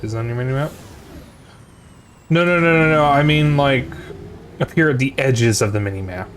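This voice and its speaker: A sleepy, yawning man streams a video game, rambling and muttering to himself with frequent restarts as casual commentary. His voice is mid-range at a moderate pace, with a bit of hiss or hum in the background.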